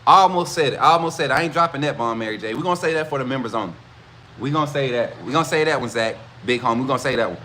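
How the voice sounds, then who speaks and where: A man hosting a casual football livestream, talking straight to his chat with animated, repetitive hype. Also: medium pitch, rapid-fire, a little hiss or hum. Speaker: host of a college football livestream.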